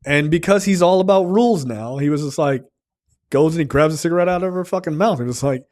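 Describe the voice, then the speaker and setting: A man's voice: on the high side, fast talker, a little mellow. A man co-hosting a film podcast, retelling movie scenes in a loose, profane casual chat full of fillers. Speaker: podcast co-host reviewing a film.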